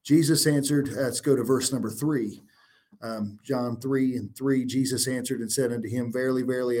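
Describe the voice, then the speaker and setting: A man's voice: mid-range voice, steady tone, normal speed, darkish tone. A man answering questions on a religious show, reading old-style scripture aloud and then explaining it earnestly. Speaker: guest bible teacher. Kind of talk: scripture teaching.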